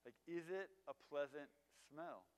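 Chatty preacher in a reverberant hall. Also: male voice, a little high, a little slow, clear, resonant tone. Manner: conversational, filler-heavy, asks the audience questions. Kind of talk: casual sermon.

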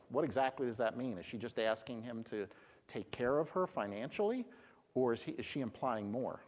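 A man's voice: mid-range voice, moderate pace. Man teaching scripture in a reverberant hall. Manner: animated storytelling, acts out lines. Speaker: Bible study teacher. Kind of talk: teaching discussion.

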